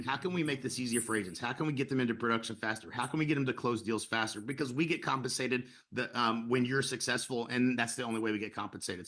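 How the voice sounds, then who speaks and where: A middle-aged man pitches his program in a quick, eager webinar delivery. His voice is bright and forward, and he stacks fillers and restarts as he pushes on. He sounds persuasive. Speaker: real estate broker pitching to agents. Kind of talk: sales webinar talk.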